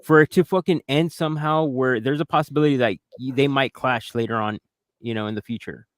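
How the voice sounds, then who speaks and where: A man's voice: mid-range voice, steady tone, fairly quick, no room sound. A man co-hosting a casual podcast chat, blunt and irritated, swearing heavily. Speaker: podcast co-host.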